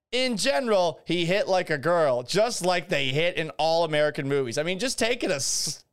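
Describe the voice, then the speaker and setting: A podcast host on a live stream rambles through casual commentary, sarcastic and profane. His voice is fairly high and a bit bright.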